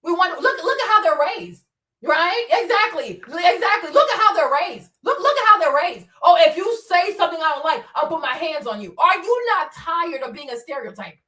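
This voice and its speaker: A woman's voice: extremely high pitch, very animated, moderate pace, bright, forceful tone, roomy sound, far from the mic. A woman hosting her own commentary show, scolding bluntly with profanity and rhetorical questions. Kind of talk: opinionated solo commentary.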